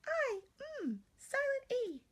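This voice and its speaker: A woman's voice: wildly swooping pitch, exaggerated voice. Woman putting on a tiny child student's voice. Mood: eager. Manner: high tiny voice, slow letter-by-letter sounding out. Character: little child student sounding out letters.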